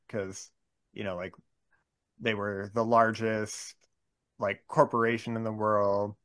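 Male co-host, slow hesitant delivery, dry dead sound. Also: on the low side, a bit bright, dry recording. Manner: slow, hesitant, lots of ums and likes. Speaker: podcast co-host. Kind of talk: casual chat.

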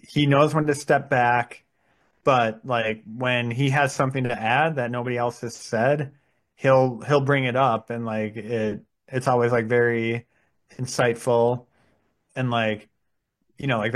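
Male co-host, average pitch, hesitant, filler-laden delivery. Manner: hesitant, full of "like" and restarts. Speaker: podcast co-host. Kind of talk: casual chat.

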